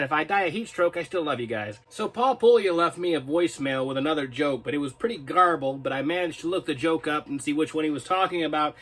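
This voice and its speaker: A video host from North Carolina in the US reads viewer comments on his own channel and rambles on in a casual, chatty, self-mocking manner. His voice is a little high and somewhat bright.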